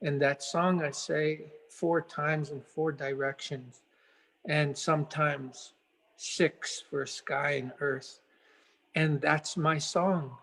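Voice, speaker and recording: Slow, earnest man telling a story. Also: on the high side, steady tone, fairly bright tone, rough recording. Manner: earnest and unhurried, searching for words. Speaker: interview guest. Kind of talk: reflective storytelling conversation.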